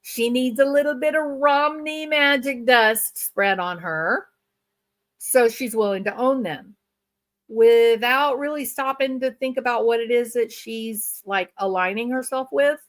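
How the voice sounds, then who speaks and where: A woman giving sarcastic, mocking commentary on a video clip, with drawn-out, theatrical emphasis. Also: a little high. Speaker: co-host reacting to a video.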